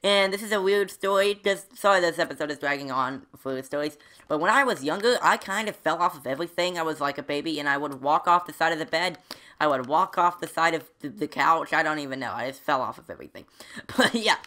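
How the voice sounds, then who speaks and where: Talking fairly quickly in a low, pushed, bright voice, a gaming channel host rambles through her let's play. She chats to herself as she plays, breaking out in sudden squeals and yelps.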